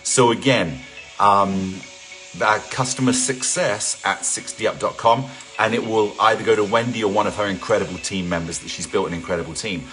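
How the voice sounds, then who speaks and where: Casual middle-aged guy from england, kinda low voice, upbeat and jokey on a live workout stream, faint music behind. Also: normal speed, a bit bright. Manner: upbeat, chatty, greets viewers by name, jokes. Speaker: fitness instructor hosting a live session.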